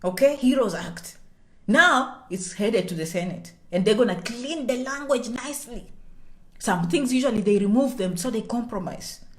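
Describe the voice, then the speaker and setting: Woman, slightly high voice, chatty explainer who drops to a whisper on sensitive points. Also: normal speed. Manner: checks in with "okay?" constantly; animated, swings between loud and soft. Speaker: immigration vlogger. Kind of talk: casual explainer to viewers.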